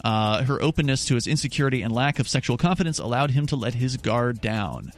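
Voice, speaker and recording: A man's voice: medium pitch, expressive, fairly quick, faint music behind. A male radio talk show host reading news stories aloud and chatting with his co-host, with casual asides and restarts. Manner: conversational with frequent restarts and asides.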